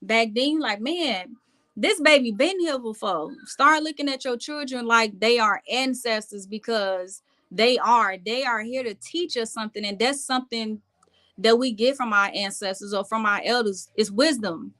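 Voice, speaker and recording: A woman's voice: fairly high pitch, moderate pace, pushed and bright. A woman vlogger talking casually and reflectively to her viewers on a live stream, speaking to them directly from home.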